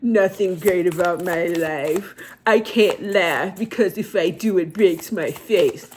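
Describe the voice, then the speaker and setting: A woman doing a mopey, self-pitying grump. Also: slight background noise. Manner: mopey, slow, dragging and low. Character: gloomy self-pitying grump who won't laugh.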